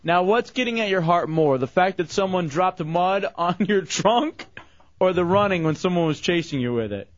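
A man's voice: sits high, animated, normal speed, highs cut off. A man hosting a radio show, laughing, teasing a co-host and reading listener messages. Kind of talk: radio banter.

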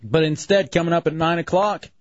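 A man's voice: on the high side, fairly even intonation, a little fast, dry recording. A man hosting a radio show, teasing and barking orders at his crew, on a dull lo-fi broadcast. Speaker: radio host.

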